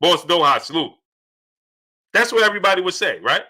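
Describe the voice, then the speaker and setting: Male streamer, high and bright, who keeps repeating rhetorical questions and greets the viewers in the chat by name. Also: big pitch swings, fairly quick. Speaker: boxing channel host. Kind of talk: livestream commentary, reading chat.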